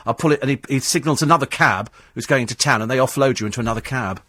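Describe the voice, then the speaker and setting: A man's voice: medium pitch, very fast, bright, forceful tone, no room sound. A man hosting a talk radio phone-in, combative and sarcastic as he answers listener texts in a studio. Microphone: studio microphone.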